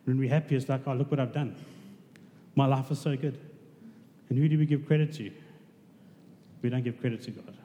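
A man's voice: medium pitch, fairly even intonation, brisk, long pauses, mellow. A man preaching a conversational sermon, asking his congregation questions. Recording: reverberant hall with faint noise.

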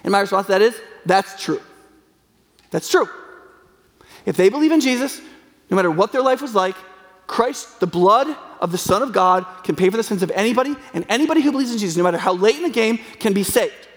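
A man with a high voice preaches in an earnest, conversational way, often breaking into fillers and restarts. His words ring out with a long reverb, as if carried through a large hall. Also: animated, quick pace. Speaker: pastor. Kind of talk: sermon.

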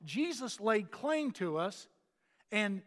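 A man's voice: sits high, sing-song, slow, in a large hall. A man preaching a sermon as a pastor, earnest and emphatic, driving points home with repetition.

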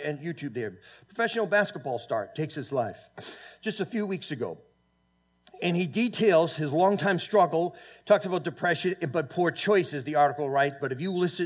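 A man with a fairly high voice preaches in a church, swinging from loud, pressing peaks down to low, quiet asides. He stumbles through fillers and restarts as he goes. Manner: halting, with many fillers and restarts. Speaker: pastor. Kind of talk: sermon. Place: church sanctuary.

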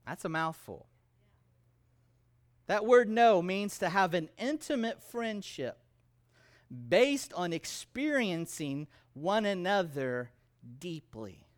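Emphatic higher-voiced male pastor preaching. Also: very animated, slow pace. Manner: emphatic, conversational preaching with humor. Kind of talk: sermon.

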